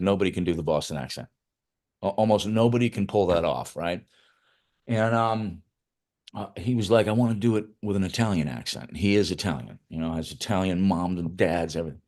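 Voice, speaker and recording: A man's voice: lowish voice, darkish tone. A middle-aged man, a film writer-director, telling loose, profane anecdotes in a casual interview, with frequent restarts.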